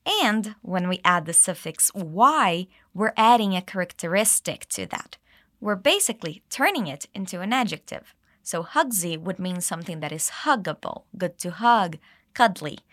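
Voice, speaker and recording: Bright, lively woman teaching English. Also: lowish voice, no echo, clean studio sound. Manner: clear, slow modeling of phrases with exaggerated intonation. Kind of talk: English lesson with repeat-after-me drills.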